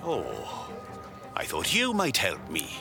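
An actor playing a worried local man in an audio drama, asking for help in a slow, pleading way. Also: low voice, huge pitch swings, vocal fry, over music, exaggerated voice.

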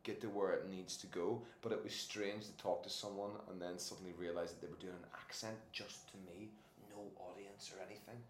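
A man, an actor and podcast guest, telling casual anecdotes in an animated way, laughing often and restarting his sentences. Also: low-pitched, a little fast, hardly any pauses. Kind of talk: casual anecdotal interview chat. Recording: echoey room with faint noise.

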